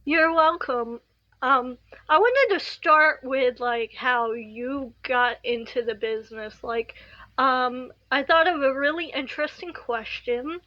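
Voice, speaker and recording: A woman hosts a podcast, asking friendly questions slowly and with some hesitation. Her voice is high, and the recording is dry and a little dull. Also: pushed and bright, no echo. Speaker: podcast host. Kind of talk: casual interview.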